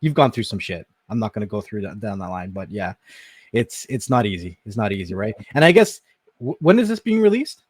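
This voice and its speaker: A man from Canada with an average-pitched voice, talking frankly on a podcast and often sinking low and quiet when he reflects. The sound is dry and close. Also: sing-song, a little fast, slightly rough, no echo. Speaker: podcast co-host. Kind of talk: casual chat.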